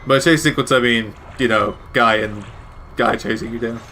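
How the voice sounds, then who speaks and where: A man's voice: mid-range voice, normal speed, sharp tone, slight background noise. A man giving casual, rambling gameplay commentary with wry asides and frequent self-corrections. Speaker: gaming commentator.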